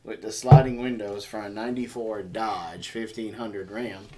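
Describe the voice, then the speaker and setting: A man's voice: fairly low pitch, steady tone, normal speed, mellow. A man co-hosting a homestead chat in a mid-range voice. He drops in dry, joking asides and laughs easily, keeping the tone casual. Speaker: co-host of homestead Q and A.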